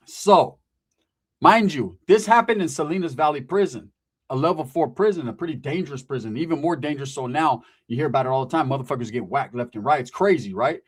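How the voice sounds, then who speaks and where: A man's voice: on the high side, animated, quick pace, husky. A man from California telling a crude, rambling story full of slang and asides. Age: adult. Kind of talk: casual comic storytelling.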